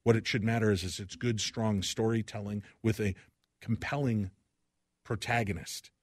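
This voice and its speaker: A middle-aged man hosts a talk radio show with a husky, slightly breathy voice. He talks with passion, rising to loud outbursts and dropping to quiet reflection. The studio sound is dry and close. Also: lowish voice, steady tone, moderate pace, no room sound. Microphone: studio microphone.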